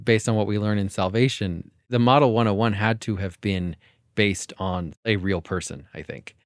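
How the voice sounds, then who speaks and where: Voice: low voice, dry recording, clean studio sound. A co-host in a casual movie discussion, joking and riffing with frequent laughter. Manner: laughing, jokey and quick to riff. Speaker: podcast co-host.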